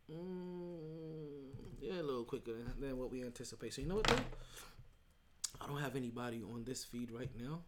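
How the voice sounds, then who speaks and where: At a moderate pace and medium pitch, with a faint hiss or hum, a man hosts a sports podcast by himself. His talk is casual and emphatic, wandering with restarts and repeated "right?" checks.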